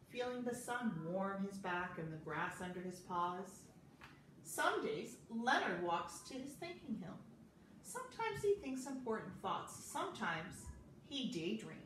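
A woman librarian reading a picture book aloud at bedtime, with an expressive, lively delivery. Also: mid-range voice, a little hiss or hum. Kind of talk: bedtime storybook read-aloud. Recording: echoey room, voice a bit far from mic.

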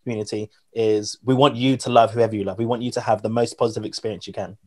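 A man's voice: fairly low pitch, steady tone, mellow. A man hosting a podcast, careful to clarify his points in a casual conversation. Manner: careful, clarifying, quick-talking. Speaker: podcast host.

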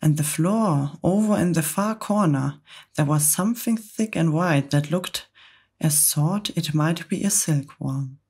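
A woman reading a storybook aloud in whispered role-play, her voice low and soft. She takes her time over each phrase, slow and hushed as in ASMR. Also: husky. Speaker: storybook reader.

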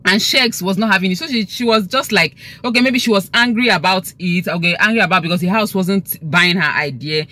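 A woman's voice: mid-range voice, brisk, few pauses, bright, forceful tone. A young Nigerian woman chatting through a casual gossip vlog from inside her car, slipping into Pidgin as she talks. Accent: Nigerian English. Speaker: gossip vlogger.

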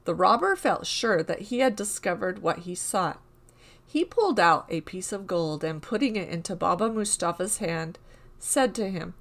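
Female storyteller, calm even read-aloud of a classic tale. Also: on the low side, normal speed, vocal fry. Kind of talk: storybook narration.

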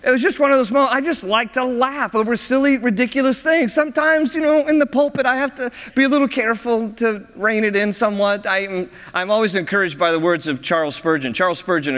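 A man's voice: high voice, a bit bright. A male pastor preaching a sermon, a jovial storyteller who often laughs at his own stories. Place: church sanctuary. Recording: reverberant church hall.

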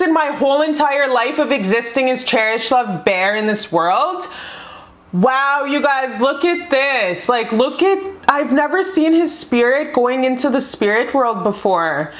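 A woman's voice: sits high, lively intonation, measured pace, fairly bright tone. A woman reading tarot cards for her viewers in a casual vlog, gushing and swearing freely as she talks. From North America. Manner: bubbly, profane, gushing. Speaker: tarot reader. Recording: echoey room.

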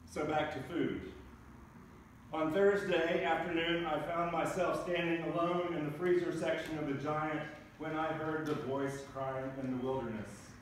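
A man preaching a sermon as pastor, telling funny everyday stories in a lively way. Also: on the high side, slight background noise. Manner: humorous storytelling preacher. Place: large church sanctuary. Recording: echoey church recorded from a distance.

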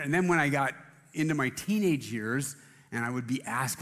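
A man's voice: mid-range voice, steady tone, moderate pace, fairly bright tone, big-room sound. A man preaching a casual sermon in a church, rambling and self-deprecating, with many restarts. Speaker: pastor. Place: church auditorium.

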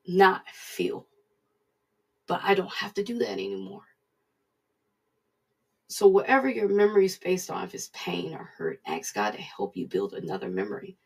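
Gravelly, husky woman preaching. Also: mid-range voice, far from the mic. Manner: plain-spoken, conversational, addresses listeners directly. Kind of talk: informal recorded sermon.

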